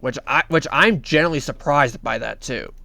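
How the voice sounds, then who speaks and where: A man hosting a reaction video, narrating a story recap in a halting way, often repeating himself and restarting. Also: fairly high pitch, creaky, sharp tone, no echo.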